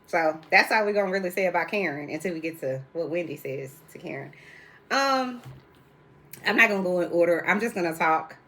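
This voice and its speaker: A woman's voice: lowish voice, animated, brisk, a bit bright, a little hiss or hum. Sassy, chatty woman recapping reality TV. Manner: chatty, blunt and sassy, with casual slang. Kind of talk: casual solo recap talk to viewers. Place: indoors at home.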